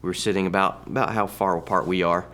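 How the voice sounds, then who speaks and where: A man in his thirties sharing a personal testimony in a halting, conversational way, often restarting his sentences. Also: sits low, steady tone, a bit bright. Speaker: church testimony speaker.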